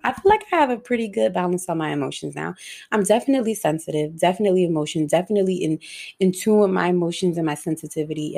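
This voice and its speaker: Young woman, low husky voice with gravel, candid and emotional monologue, swears freely. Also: mellow. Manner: frank and emotional, swears freely, speeds up and slows down.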